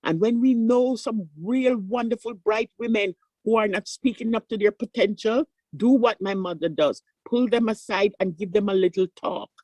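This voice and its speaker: Older woman, surgeon, conference panel talk, animated storyteller, dry close sound. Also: mid-range voice, normal speed, hardly any pauses, no room sound, poor audio. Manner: animated storytelling, acting out voices in quotes.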